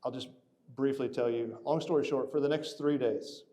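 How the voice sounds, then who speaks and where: A man's voice: medium pitch, steady tone, normal speed, dark tone. A man telling a long personal story in a casual, rambling way, full of restarts and fillers. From Atlanta area.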